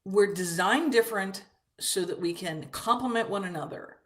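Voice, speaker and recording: A woman's voice: mid-range voice, moderate pace, a bit bright. A woman in casual conversation, speaking reflectively and hesitantly, often restarting her sentences.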